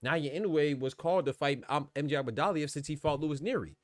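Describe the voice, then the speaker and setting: A man's voice: fairly high pitch, brisk, no room sound. A man hosting a live boxing podcast, arguing his point in a rambling, insistent way and reading out chat comments. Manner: argumentative, rambling, repeats "man".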